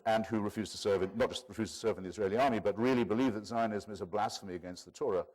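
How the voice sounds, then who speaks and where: A man giving a public lecture in a measured, wry, digressive way. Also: sits low, a little mellow.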